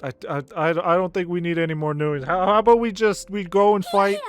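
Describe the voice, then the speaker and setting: A man's voice: sits high, fairly even intonation, a little fast, faint music behind. A man streaming a video game, commenting casually with sarcasm and lots of swearing.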